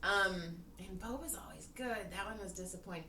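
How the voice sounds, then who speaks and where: A woman's voice: mid-range voice, fairly quick, sharp tone. A woman co-hosting a podcast, telling everyday stories in casual chat and laughing often. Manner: giggly storyteller, laughs often. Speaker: podcast co-host. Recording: echoey room, distant mic, faint noise.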